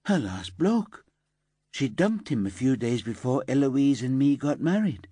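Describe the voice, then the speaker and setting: A man voicing an anxious, eager-to-please young office worker with a high, light, slightly camp voice in an audiobook. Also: big pitch swings, a little slow, mellow, breathy edge, no echo. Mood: distraught.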